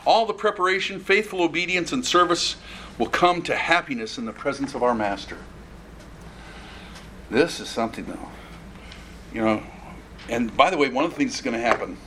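A pastor with a slightly high voice preaches an expository sermon, with a little hiss or hum on the recording. He's animated, asking the congregation questions and acting out the voices in the passage.

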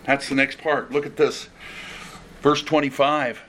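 A man's voice: medium pitch, little pitch movement, measured pace, sharp tone, a little hiss or hum. A man preaching an expository sermon, earnest and conversational, often restarting phrases.

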